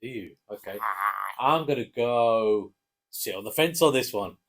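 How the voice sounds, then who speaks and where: A man with an English accent casually chatting through football match predictions, relaxed and hesitant with fillers. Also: medium pitch, a little slow. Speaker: co-host giving match predictions. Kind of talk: casual chat.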